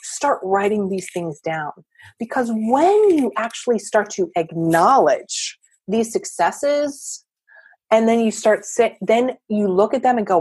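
A woman coach and therapist giving energetic, emphatic motivational advice as a podcast guest. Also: mid-range voice, unhurried, breathy edge, dry recording. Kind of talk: podcast interview.

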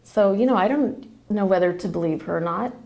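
Gravelly-voiced woman telling a story. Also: mid-range voice, fairly quick, a little mellow. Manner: emotional, rambling, many restarts. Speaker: guest sharing a family story. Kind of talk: casual storytelling.

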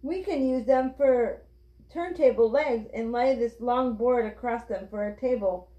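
A woman's voice: on the high side, unhurried, warm tone, close to an everyday voice. A woman reading aloud, voicing a resourceful older boy who eagerly plans aloud. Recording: roomy, dull lo-fi.

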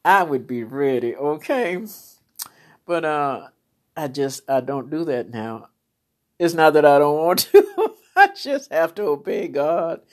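A woman's voice: deep voice, big pitch swings, slow pace. A middle-aged woman preacher giving a personal testimony, telling her story with laughter and feeling. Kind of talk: testimony sermon.

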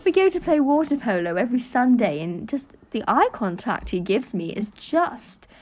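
A breathless, lovestruck young woman gushes in a high, lilting voice, as a teenage girl puts her on. Her pitch swoops up and down in an arch swoon. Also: very animated, normal speed, a little mellow. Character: lovestruck made-up young woman gushing about a boyfriend.

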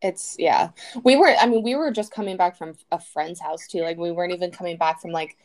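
Young woman cohost, lowish voice, rambly, lots of likes. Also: fairly quick. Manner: rambling with many likes and restarts. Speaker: podcast co-host. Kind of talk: casual chat.

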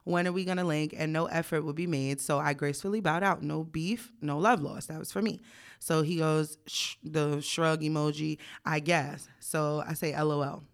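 A young woman on a casual podcast, swearing freely as she tells a story and reads text messages aloud. She is direct and blunt, and she often cracks up laughing. Her voice sits a little low for a woman. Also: steady tone, normal speed. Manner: blunt, profane storytelling, reading texts aloud; frequent bursts of laughter. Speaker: podcast co-host.

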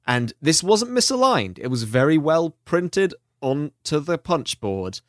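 A man co-hosting a podcast, telling stories quickly and with animation. His voice is recorded dry and close. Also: fairly high pitch, sing-song, no echo. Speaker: podcast co-host. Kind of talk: casual podcast chat.

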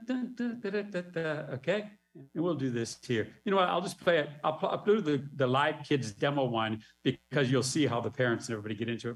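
A man presenting a music-teacher webinar, explaining a children's musical in an animated, chuckling way. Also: medium pitch. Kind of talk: casual webinar walkthrough.

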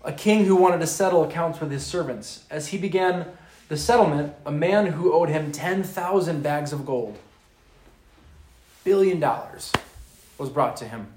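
Male preacher, fairly high voice, relaxed slangy retelling, roomy echo. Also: moderate pace. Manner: casual, retells scripture in modern slang. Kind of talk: sermon. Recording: echoey room.

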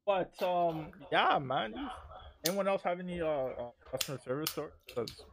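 A man hosting a casual chat and telling animated, slangy stories. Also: fairly high pitch, moderate pace, a crowd in the background.

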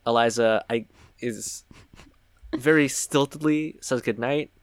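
A man's voice: mid-range voice, takes it slowly, clean tone, no echo. A man co-hosting a podcast, recapping an episode in casual chat with wry asides. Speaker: podcast co-host.

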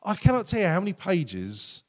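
A man preaching a sermon as pastor, earnest and conversational, often acting out quotes in lively voices. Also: high voice, normal speed.

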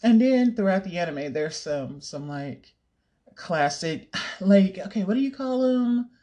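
Slow-talking, giggly young woman vlogger. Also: medium pitch, expressive, warm tone. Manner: rambling, giggly, swears casually. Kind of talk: casual chat.

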